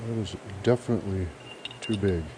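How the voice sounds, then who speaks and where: A man with a deep voice talks briskly in a casual garage vlog about fixing engines, joking, rambling and swearing now and then. Loud outdoor noise fills the recording.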